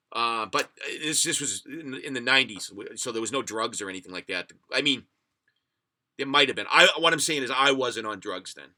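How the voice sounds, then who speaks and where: Bright-voiced rambling American podcast host. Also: male voice, medium pitch, lively intonation, brisk. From United States. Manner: rambling, profane storyteller reading chat comments. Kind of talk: casual livestream chat.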